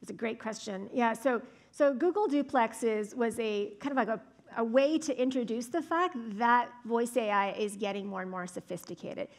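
A woman's voice: on the high side, moderate pace. A woman speech scientist giving a lecture and answering audience questions in a thoughtful, explanatory way. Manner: thoughtful, explanatory, frequent "right?" and "um". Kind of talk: academic talk with audience Q&A. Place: lecture hall.

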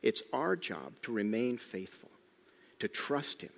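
A man's voice: mid-range voice, unhurried, gravelly. Male pastor preaching in a reverberant church. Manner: animated storytelling, swings from loud emphasis to hushed tones. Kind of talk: sermon. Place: church sanctuary.

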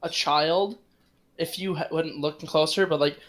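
Halting man narrating his character. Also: a little high, fairly even intonation, fairly bright tone. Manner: halting, full of restarts. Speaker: player. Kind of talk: casual tabletop narration.

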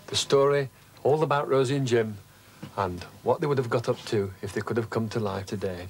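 A man presenting a children's TV show and reading a story aloud in a gentle, expressive way. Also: medium pitch, brisk, over music.

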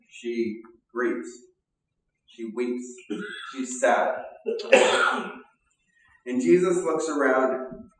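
A man giving an earnest, conversational sermon with pauses and fillers, as a pastor. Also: mid-range voice, a little hiss or hum. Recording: echoey room, mic at a distance.

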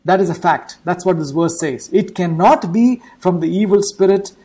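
On a low-quality recording, a woman preaches an online church sermon in a fairly low, warm, mellow voice with a touch of huskiness. Her key points come up repeatedly, and she often stops to pose brief rhetorical questions to the congregation.

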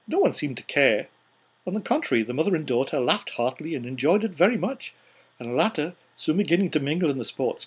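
A man reads a classic novel aloud in an expressive audiobook narration. His voice is somewhat husky, and he sometimes trips on a word and says it again. The delivery rises with the lively scenes. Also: a little high. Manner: expressive, occasional stumbles and re-reads.

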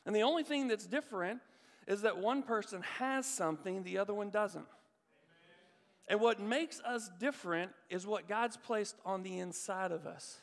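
A man in his thirties gives an energetic sermon, his high voice jumping from story to point. He acts out the people in his anecdotes as he talks. The sound rings on in a large church hall. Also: moderate pace. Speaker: guest pastor. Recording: long reverb of a church hall.

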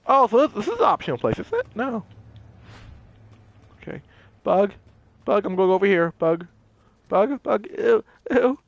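A young man giving animated gameplay commentary, talking to the characters on screen as he plays. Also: high voice, moderate pace, creaky, pauses often, no echo. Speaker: gaming channel host.

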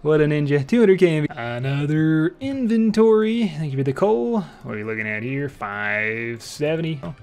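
A young man giving live gameplay commentary, excitable and trash-talking, swinging between low mutters and loud shouts. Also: moderate pace, hardly any pauses. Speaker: streamer playing an online game.

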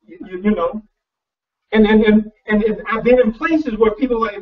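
This conversational sermon comes from a male pastor whose voice sits high and moves at normal speed. His folksy, personal delivery is loose, with frequent repeated words and restarted sentences, captured in distant, dull lo-fi audio.

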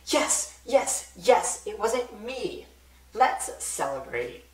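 A man's voice: high-pitched, big pitch swings, drawn-out words, slight background noise, pitched above the performer's own voice, heavily acted. A man voicing a sassy, fame-obsessed teenage heroine with a snarky, self-satisfied manner. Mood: smug. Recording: roomy echo.

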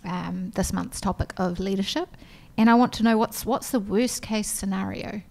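A woman hosting a casual business podcast, upbeat and quick with questions and agreeing interjections. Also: mid-range voice, creaky, darkish tone. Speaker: podcast host.

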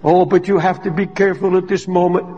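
An older man preaches with a high-pitched voice, swinging between hushed asides and shouted climaxes. His voice rings out in a church sanctuary with long, lingering reverb. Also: level tone, quick pace, lo-fi sound, slight background noise. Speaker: pastor. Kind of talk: sermon.

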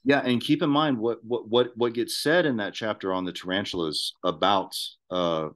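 Male guest with a lowish voice, halting, many fillers, casual discussion.

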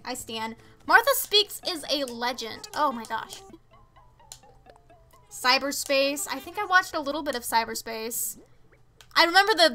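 Teen girl streamer, high and bright voice, chatty and excitable while chatting with her viewers. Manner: chatty, excitable, reads chat aloud. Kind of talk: casual game stream chat.

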